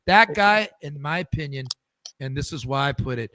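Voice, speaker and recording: A man's voice: fairly high pitch, lively intonation, moderate pace, sharp tone, no room sound. A man hosting a podcast in casual chat, telling stories with many restarts and repeated words. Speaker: podcast host.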